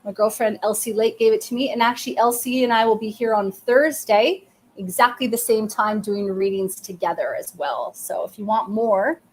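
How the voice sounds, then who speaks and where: Woman, live-stream medium, soothing and affirming, mid-pitched, slight background hiss. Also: normal speed, a little mellow. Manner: soothing, affirming, speaks in short phrases and says "okay" often. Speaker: medium doing live readings. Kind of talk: live-stream reading, chatting to viewers.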